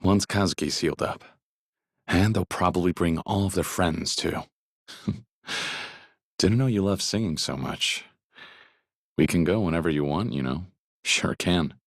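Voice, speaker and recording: Kazuma Kiryu, a deep-voiced stoic ex-yakuza. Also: male voice, unhurried, long pauses, no room sound, clean studio sound. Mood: calm. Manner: plainspoken, steady, low-key. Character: stoic middle-aged male ex-yakuza, gruff and kind. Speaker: voice actor. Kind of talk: video game dialogue.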